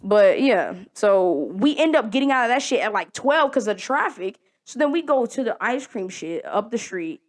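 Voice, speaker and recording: A young woman hosting a podcast, telling a story in casual chat, animated and profane, laughing often. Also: a little high, moderate pace, hardly any pauses. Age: young adult. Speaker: podcast host.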